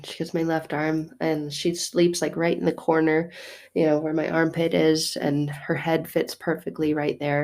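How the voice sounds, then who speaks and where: A woman in her thirties telling a personal faith story as a mother, casual and animated, with laughing, mock-exasperated asides. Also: low-pitched, vocal fry. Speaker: mother sharing a faith reflection. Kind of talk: casual spoken reflection.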